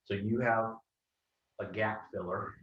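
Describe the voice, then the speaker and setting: A man's voice: on the low side, fairly even intonation, takes it slowly, echoey room, far from the mic, highs cut off. A man coaching sales trainees, direct and confident, often checking in with "right?". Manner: direct, keeps asking "right?". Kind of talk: coaching feedback.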